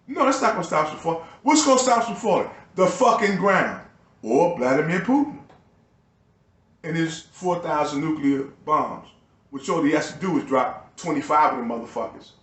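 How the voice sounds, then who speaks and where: A man's voice: fairly high pitch, a bit bright, reverberant. A man delivering a profane, agitated and bitter ranting monologue to his video channel. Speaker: YouTuber.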